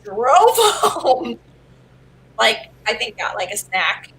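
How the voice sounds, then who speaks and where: A woman in a casual video call chat, excitable and quick to laugh. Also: fairly high pitch, a little hiss or hum, low-quality recording.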